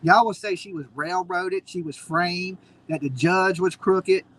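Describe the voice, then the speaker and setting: A man's voice: high voice, a little slow, fairly bright tone, low-quality recording. A man hosting a live stream, ranting in a mocking, combative way. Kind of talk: heated casual commentary.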